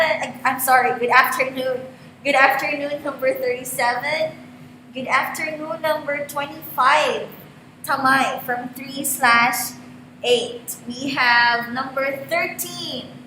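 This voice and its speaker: A woman teacher with a high, bright voice takes her time greeting students one by one at the start of an online class. The sound is roomy, with a long reverb tail and a faint hum behind her. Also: fairly even intonation. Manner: slow, friendly greetings calling out student names. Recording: echoey room with long reverb.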